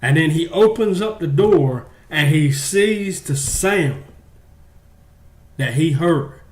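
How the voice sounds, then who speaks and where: A man telling a long shaggy-dog joke in a halting, drawn-out way, full of fillers. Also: a little high, expressive, roomy sound. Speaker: joke teller. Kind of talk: rambling spoken joke.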